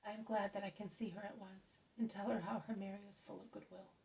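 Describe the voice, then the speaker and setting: A woman's voice: mid-range voice, little pitch movement, brisk, warm tone, recorded from a distance, natural voice, low-quality recording. Woman reading as a tender, soothing mother. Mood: consoling.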